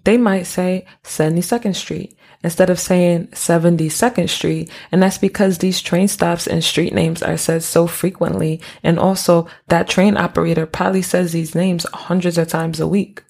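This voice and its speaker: A young adult woman hosting a podcast, explaining things in a relaxed, conversational way with casual slang and asides. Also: fairly low pitch, moderate pace, creaky, few pauses, slightly rough. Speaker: podcast host.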